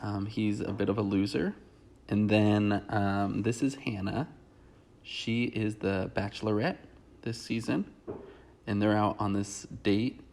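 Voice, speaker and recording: A man's voice: lowish voice, steady tone, measured pace, gravelly, a little mellow. A man hosting a comedic breakdown of a reality show, talking in a sarcastic, mocking way. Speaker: comedy recap host.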